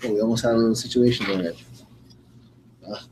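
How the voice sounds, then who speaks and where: A man's voice: lowish voice, fairly even intonation, quick pace, heavy background noise. A man co-hosting a live fight-night radio show, chatting casually in a rambling way with many fillers. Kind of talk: casual play-by-play chat.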